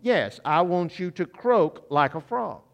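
A man's voice: high voice, lively intonation, measured pace, vocal fry, lo-fi sound, full character voice. A man voicing a five-year-old granddaughter who is eager and wheedling, in a church with long reverb.

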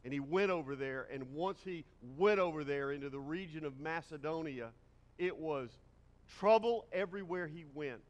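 A middle-aged male pastor delivers a sermon in a church sanctuary, his slightly high voice trailing a long reverb through the hall. He leans on emphasis by slowing down, speeding up, and dropping or raising his volume. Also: muffled recording. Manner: varies pace and volume for emphasis.

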